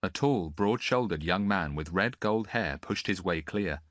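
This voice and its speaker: Male audiobook narrator, deep voice, lively intonation, dry close sound. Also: unhurried, few pauses, no room sound.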